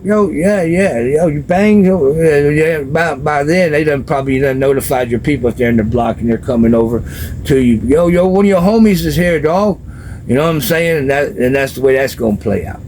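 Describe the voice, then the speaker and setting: A man's voice: mid-range voice, a little mellow, rough recording. Male vlogger, street-slang storyteller, casual and unscripted, faint background hiss. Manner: street slang, loose, repeats "you know". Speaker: vlogger describing prison life from experience.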